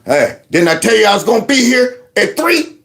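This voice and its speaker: A man's voice: high voice, big pitch swings, normal speed, gravelly, a bit bright, full character voice. A man putting on the voice of a swaggering male tax collector who demands money and mocks the people he collects from. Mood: bossy. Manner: bossy, mocking.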